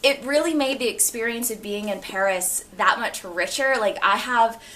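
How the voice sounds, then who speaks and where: A young woman in her twenties chatting casually and excitably about her books, laughing often. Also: on the high side, moderate pace. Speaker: book vlogger. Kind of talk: casual chat.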